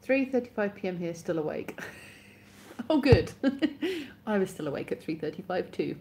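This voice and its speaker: A woman's voice: medium pitch, sing-song, normal speed, darkish tone, slight background noise. Sleepy, giggly woman chatting live. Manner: chatty, giggly, self-mocking. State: sleepy, yawning. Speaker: live stream host. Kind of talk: casual chat with live viewers.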